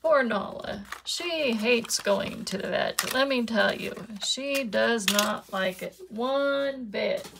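A woman's voice: fairly high pitch, takes it slowly, gravelly, few pauses, background noise. A woman chatting casually to her viewers while she demonstrates card making at her craft desk.

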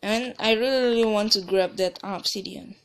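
A woman's voice: mid-range voice, moderate pace. A woman giving casual gameplay commentary as a let's play gamer, rambling and often restarting or trailing off mid-sentence.

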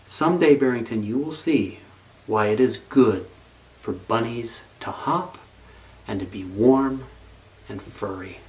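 A man voicing a slow, wise silver wolf. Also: medium pitch, a little mellow, far from the mic, close to an everyday voice, rough recording. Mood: calm. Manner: slow and deliberate.

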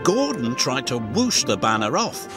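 A man narrating a fan-made toy-train story in a slow, expressive storybook manner. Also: medium pitch. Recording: clear music behind the voice. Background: music.

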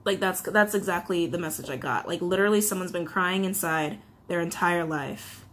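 A woman's voice: fairly low pitch, moderate pace, fairly bright tone, slight background noise. Chatty woman giving a tarot reading. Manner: chatty, filler-heavy, emotional and confiding. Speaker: tarot reader. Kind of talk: casual tarot reading to camera.

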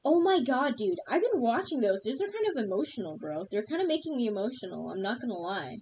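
A young woman streamer reacting live to videos, excitable and slangy, swearing often and shrieking in disgust, with music playing behind her. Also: a little high, quick pace, a little hiss or hum, low-quality recording.

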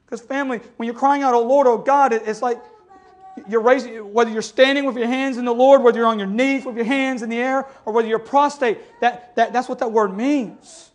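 High-voiced preaching man, impassioned. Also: fairly bright tone. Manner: impassioned preaching, calls for amens. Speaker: pastor. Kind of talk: sermon.

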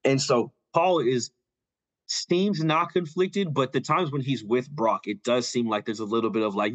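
A young man casually retelling a story on a podcast, loose and filler-heavy, dropping quick quoted lines as he goes. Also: mid-range voice. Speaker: podcast co-host. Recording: dull lo-fi audio.

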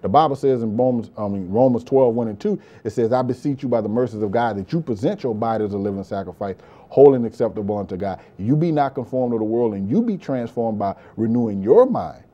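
Man, pastor, impassioned sermon, repetitive emphasis, very dark tone, muffled lo-fi sound. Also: medium pitch, animated, fast talker. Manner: impassioned preaching, frequent "beloved" and "praise God", repetitive emphasis.

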